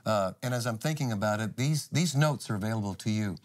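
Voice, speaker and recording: A man, a pastor and co-host, speaking in a conversational teaching style, affirming his co-host and reading scripture in a deliberate way. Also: on the low side.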